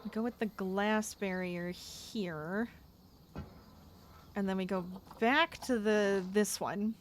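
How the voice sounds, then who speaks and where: A young adult woman livestreams a game, chatting casually with viewers, talking to chat and getting exasperated as she plays. Her voice is medium in pitch and she takes it slowly, with slight background noise.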